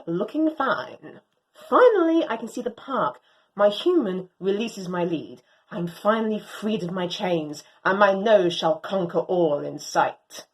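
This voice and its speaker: In a medium-pitched voice on a low-quality recording, a woman voices an excitable, proud young female Doberman while reading a storybook. She performs theatrically, with grandly old-fashioned wording.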